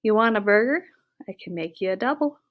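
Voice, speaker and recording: Eager friendly food-stand woman, read by a woman in an audiobook, high, loud and bubbly. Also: lively intonation, fast talker, slightly rough.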